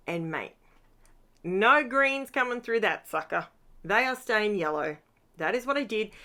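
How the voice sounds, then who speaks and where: Middle-aged woman, craft vlogger, chatty and upbeat but tired, mid pitch. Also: a bit bright. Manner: chatty, upbeat, rambling asides. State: tired at the end of a long day. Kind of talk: casual voice-over narration of a scrapbooking process.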